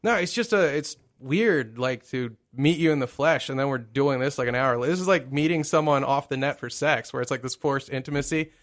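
A man's voice: medium pitch, fairly quick, hardly any pauses, fairly bright tone. A man from the United States hosting a podcast, rambling and cracking crude jokes in casual chat. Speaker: podcast host.

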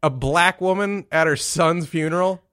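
A man's voice: on the high side, moderate pace, a bit bright, smooth, dry recording, studio quality. A man hosting a crude, casual chat, blunt and teasing, swearing freely.

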